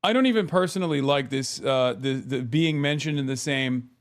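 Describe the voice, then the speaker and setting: A man's voice: medium pitch, normal speed. A man streaming live, reacting to clips and ranting about politics with frequent swearing. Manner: profane, ranting political commentary.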